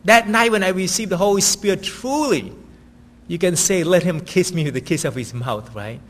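A man preaching in a loose, chatty way, often tossing in "right?" as he goes. His voice sits a little high for a man. A long reverb tail hangs on every phrase. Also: expressive, normal speed, a bit bright, a little hiss or hum. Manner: conversational, keeps asking "right?". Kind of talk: sermon.

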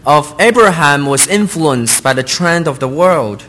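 A man's voice: on the high side, animated, a little slow, bright, forceful tone, slight background noise. A man interpreting a sermon into English line by line, earnest, with hesitant fillers and non-native grammar.

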